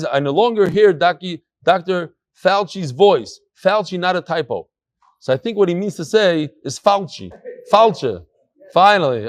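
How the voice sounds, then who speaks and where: A man leads a Daf Yomi class in a study hall, his voice high-pitched and upbeat. He jokes, calls people up and banters with the crowd. The sound is dry and close. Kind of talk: lively shiur announcements to a live audience.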